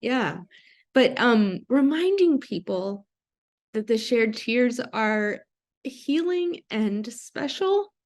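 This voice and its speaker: A woman hosting a podcast interview, speaking gently and affirmingly with hesitant phrasing. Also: fairly high pitch, sing-song, takes it slowly. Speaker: podcast host. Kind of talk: conversational interview.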